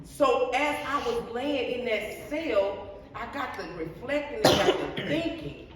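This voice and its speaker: A woman's voice: a little high, lively intonation, a little slow. Middle-aged woman, echoey distant testimony. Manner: earnest, repetitive storytelling with frequent restarts. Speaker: guest sharing life story. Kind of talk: personal testimony. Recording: echoey hall, distant mic, faint noise.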